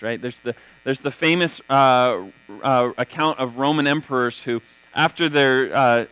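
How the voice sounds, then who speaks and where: High-voiced man preaching conversationally. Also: no room sound, rough recording. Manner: conversational, tags many points with "right?"; lively retelling of scripture stories. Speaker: pastor. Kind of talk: sermon.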